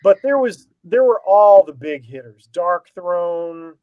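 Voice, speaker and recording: High-voiced rambling host. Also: male voice, expressive, takes it slowly, clear, resonant tone, no room sound, narrow, tinny audio. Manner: rambling, self-deprecating, laughs often. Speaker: podcast co-host. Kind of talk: casual chat.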